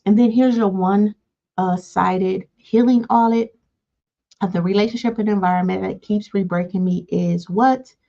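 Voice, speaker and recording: A woman coaching listeners on healing, often pausing with "all right" between points. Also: mid-range voice, vocal fry. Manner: repeats "all right" between points, acts out calm replies. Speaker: life coach. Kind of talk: motivational teaching talk. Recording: dull lo-fi sound.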